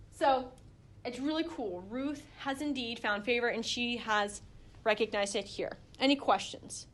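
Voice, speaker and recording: A young woman with a slightly high voice leads a relaxed Bible study. She talks in a chatty, animated way, full of fillers and restarts, and acts out the quotes as she goes. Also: measured pace. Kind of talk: casual Bible study teaching.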